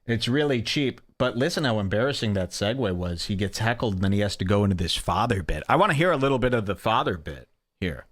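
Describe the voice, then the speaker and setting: A man with a lively, swooping delivery talks through a recorded clip, sarcastic and animated. He keeps slipping into mocking impressions of the people in it, and his pitch jumps around a lot. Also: fast talker. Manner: sarcastic, animated, mimics others. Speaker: podcast host.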